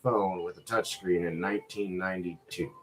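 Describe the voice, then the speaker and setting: A man's voice: sits low, steady tone, normal speed, a bit bright. A man co-hosting a casual live-stream podcast who stumbles over restarts and reads facts aloud as he looks them up. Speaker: podcast co-host.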